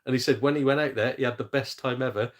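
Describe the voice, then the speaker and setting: His voice sits at medium pitch with fairly even intonation as this young man chats on a gaming live stream. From Shropshire near the Welsh border in England, he jokes, laughs readily and swears a little.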